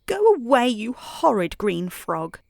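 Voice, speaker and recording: Weepy little girl as read by a woman, plaintive, lively pitch, slow, dry sound. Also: vocal fry, no room sound. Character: tearful little girl who cries constantly.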